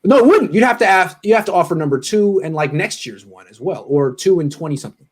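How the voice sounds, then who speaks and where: A man's voice: high-pitched, lively intonation, fast, slightly rough. A man hosting a casual sports podcast, rambling and restarting his thoughts. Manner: loose, rambling, restarts a lot. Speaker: host.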